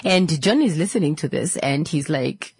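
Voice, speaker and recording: A woman tells a story in an animated, slangy way, acting out the voices of the people in it. Her voice sits a little low. The recording is dry and close. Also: moderate pace, breathy edge, no echo. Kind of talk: storytime vlog.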